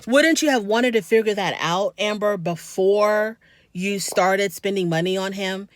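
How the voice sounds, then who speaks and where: In a dry, clean studio recording, a woman with a mid-range voice hosts a casual recap of a reality TV episode. Chatty and opinionated, she speaks straight to her viewers in casual commentary.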